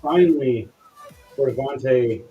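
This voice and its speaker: A man's voice: medium pitch, a little slow, phone-quality sound, soft background music. A man running a tabletop game as game master, narrating casually with frequent fillers.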